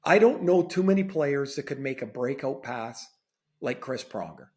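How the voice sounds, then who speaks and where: This man, an ex-player turned podcast co-host, tells stories casually with a conversational, faintly sardonic edge, often repeating phrases for emphasis. His mid-range voice is animated and darkish, moving at a normal speed.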